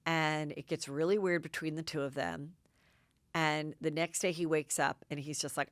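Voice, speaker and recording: Middle-aged woman podcast host, chatty gossip recapper, lowish resonant tone. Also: normal speed, dry recording, studio quality. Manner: chatty, excitable recapping with many "like"s. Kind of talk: casual gossip commentary.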